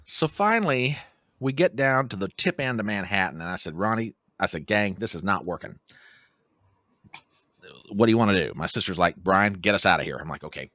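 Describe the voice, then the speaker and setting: A man's voice: lowish voice, brisk, no echo, clean studio sound. A middle-aged American man telling a long travel story on a podcast and acting out the quotes. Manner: animated storyteller who acts out quotes. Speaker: podcast guest. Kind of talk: casual storytelling.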